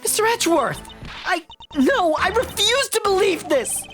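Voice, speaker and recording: A woman voicing an excitable young female sidekick in a video game, with a shrill, stammering delivery. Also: moderate pace, over music. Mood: shocked.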